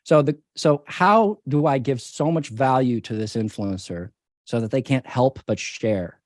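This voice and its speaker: A man's voice: mid-range voice, unhurried, darkish tone, no room sound, studio quality. A man, a company CEO, answering interview questions in an emphatic, persuasive way and repeating his key points.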